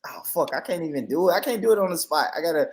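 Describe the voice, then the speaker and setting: American man, panel guest, halting and laughing, mid-pitched. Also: lively intonation, slightly rough. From United States. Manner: hesitant, laughing, drawn-out fillers. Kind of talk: casual panel chat.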